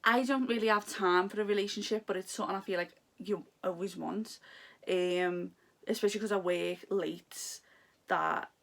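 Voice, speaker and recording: Soft-spoken young woman, confiding vlog chat. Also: on the low side. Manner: heartfelt, confiding, talks in long rambling runs. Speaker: vlogger. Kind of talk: candid personal vlog chat. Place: home room.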